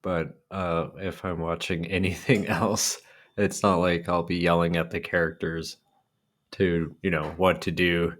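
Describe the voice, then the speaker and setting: A man's voice: sits low, little pitch movement, measured pace, a bit bright. A man co-hosting a reaction video, easygoing and agreeable in casual chat. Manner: easygoing and agreeable, chuckles often.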